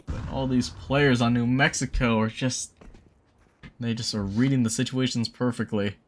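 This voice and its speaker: Solo esports caster over game gunfire. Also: male voice, medium pitch, moderate pace, noisy background. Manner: excitable, rises sharply on big plays. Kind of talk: play-by-play esports commentary. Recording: game gunfire and clicks behind the voice.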